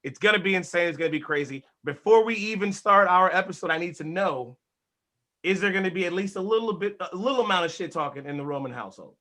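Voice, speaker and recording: Hype podcast host guy, high bright voice, loud energetic sports chat. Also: fast talker. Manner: hype, energetic, swears casually.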